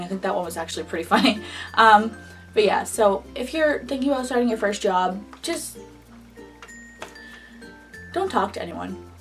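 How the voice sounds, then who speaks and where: A woman's voice: medium pitch, distant mic. Young woman rambling through a storytime vlog, lots of "like", sits back from the mic, faint music under it. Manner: chatty and animated, heavy on "like". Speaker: vlogger. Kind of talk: casual storytime chat.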